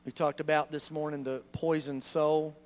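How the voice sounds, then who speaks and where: A male pastor, preaching a sermon in a church in an animated, conversational way full of rhetorical questions. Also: a little high, moderate pace.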